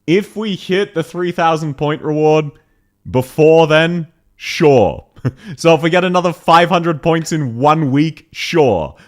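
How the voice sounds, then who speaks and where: Lively, laughing male streamer. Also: fairly high pitch, takes it slowly. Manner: playful, laughs often, greets chat by name. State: sounds a bit rough at the start of stream. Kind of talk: casual live-stream chat.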